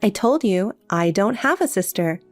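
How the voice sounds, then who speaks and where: A synthetic woman's voice playing a calm, cold younger sister in a text story, with faint music behind. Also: mid-range voice, moderate pace, natural voice. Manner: cold, matter-of-fact.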